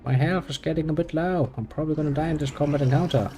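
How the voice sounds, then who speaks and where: Sarcastic, swearing man with a mellow voice. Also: a little high, fast talker, faint music behind. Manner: sarcastic, muttering, heavy swearing. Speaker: gameplay commentator. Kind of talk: casual gameplay commentary.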